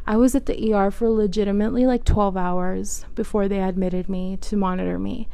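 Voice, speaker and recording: A woman telling a storytime to her viewers in a warm, relaxed voice. Her talk is loose and chatty, full of "like" and casual swearing, and she keeps turning to the audience directly. The sound is dry and close, with no room around it. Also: mid-range voice, brisk, creaky, clear, resonant tone, dry recording. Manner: chatty, heavy filler "like", frequent swearing, addresses viewers directly. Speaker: vlogger telling a personal story.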